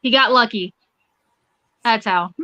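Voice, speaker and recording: A woman's voice: fairly high pitch, takes it slowly, no echo. A young woman co-hosting a livestream, chatty and giggly, telling stories in casual chat. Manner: chatty and giggly, animated storytelling. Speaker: co-host. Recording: dry, dull lo-fi mic.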